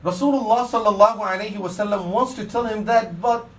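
A man's voice: high voice, quick pace, roomy sound, poor audio. A man giving a sermon in English that he mixes with Arabic religious phrases, telling a story earnestly and dropping his voice for its saddest parts. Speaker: Islamic preacher.

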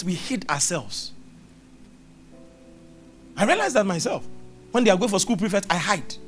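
Middle-aged male pastor, high and very lively pitch, emphatic repetitive sermon delivery with scripture quotes. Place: church service.

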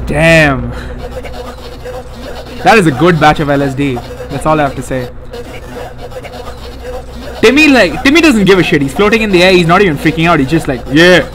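A young man hosting a let's play, reacting excitably and profanely to a puzzle game as he plays. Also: a little high, moderate pace, pauses often, crowd noise. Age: young adult. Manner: excitable, profane, often laughing. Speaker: gaming channel host.

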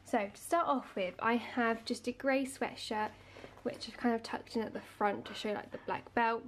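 A young woman in her twenties, a vlogger, chats casually to camera at home, her fairly high voice steady and her pace moderate. She's a little out of breath, and there's slight background noise. She giggles often and fills her talk with fillers.

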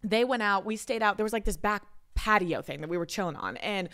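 A young adult woman co-hosting a podcast, telling stories in an excitable, casual way. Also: mid-range voice. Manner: rapid, excitable storytelling. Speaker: podcast co-host. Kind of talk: casual storytelling chat.

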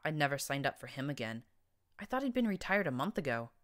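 A woman narrates first-person fan fiction as an audiobook. Her voice sits low, and her reading is expressive and dramatic. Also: quick pace.

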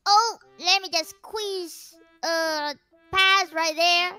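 A woman's voice: very high voice, extremely slow, sharp tone, soft background music. A young woman with an Indonesian accent, chatting playfully and slipping in Japanese words. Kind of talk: casual stream chat.

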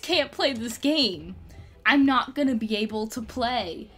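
Excitable female game streamer: high voice, relaxed pace, mutters then shrieks at the game. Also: a little slow, faint music behind. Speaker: livestreamer. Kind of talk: gameplay commentary.

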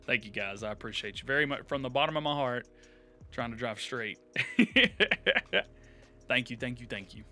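A man with a drawl hosting a live game stream, chatting casually with viewers, laughing often and thanking them warmly. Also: medium pitch, normal speed. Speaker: live-streaming gamer host. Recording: light game music behind.

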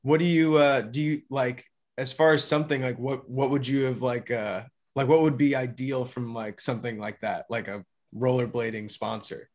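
A man's voice: medium pitch, steady tone, moderate pace, hardly any pauses, a little mellow. A man hosting a casual podcast interview, asking questions with many fillers and restarts. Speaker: podcast host.

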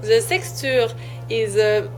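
A waitress explaining a dessert to guests in a restaurant, friendly and hesitant with many pauses. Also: female voice, a little high, faint music behind.

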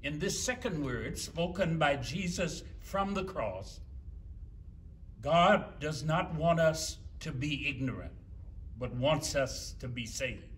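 A man preaching a sermon in a slow, measured, solemn manner. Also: on the high side, a bit bright. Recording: distant mic with faint room noise.

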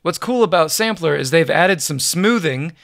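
A man giving an upbeat, relaxed music production software tutorial, chuckling now and then as he explains. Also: on the high side, normal speed, creaky, no room sound, studio quality. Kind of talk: screen-recorded software tutorial.

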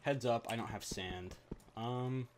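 A man's voice: medium pitch, slow pace, background noise. A man giving casual commentary on his own game, narrating what he does in a matter-of-fact way. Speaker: gaming commentator. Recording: clear keyboard clicks behind the voice.

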